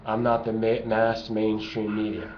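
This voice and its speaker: A man's voice: on the low side, monotone, measured pace. A man delivering a sarcastic, emphatic ranting monologue to camera, repeating his points for effect. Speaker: video blogger. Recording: dull lo-fi home recording with noise.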